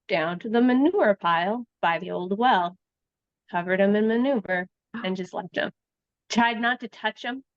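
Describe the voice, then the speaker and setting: A woman's voice: mid-range voice, dry recording, highs cut off. A woman guest, a researcher and writer from Canada, retelling a true crime case in casual conversation and acting out the quoted lines.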